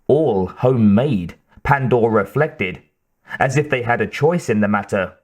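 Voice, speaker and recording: A male audiobook narrator reading in a measured, steady manner. His voice sits at an ordinary middle pitch. He takes the text at a slow, unhurried pace. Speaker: audiobook reader.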